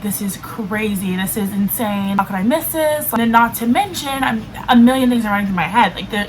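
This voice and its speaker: A chatty female vlogger in her twenties tells a personal story to camera, her mid-range voice peppered with "like." The recording is rough, with faint background noise and a level that keeps cutting in and out.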